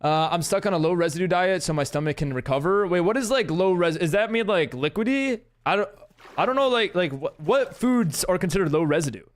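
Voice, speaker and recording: This man speaks a little fast in a high, animated voice. Streaming a game live, he keeps up casual chatter, reading chat messages aloud and replying with rambling talk and lots of giggles.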